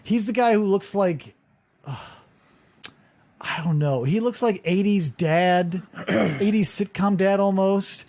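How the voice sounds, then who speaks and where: A man co-hosting a casual podcast recap, animated and swearing freely, acting out quotes in little voices. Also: high voice, slow, pauses often. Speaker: podcast co-host.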